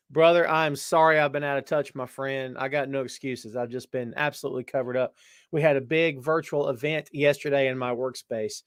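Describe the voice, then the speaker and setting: A man's voice: no echo, studio quality. Chummy man hosting a live chat. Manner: chummy, calls viewers brother and my friend; jumps between loud exclamations and low asides. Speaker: podcast host reading live chat. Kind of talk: casual live-stream chat.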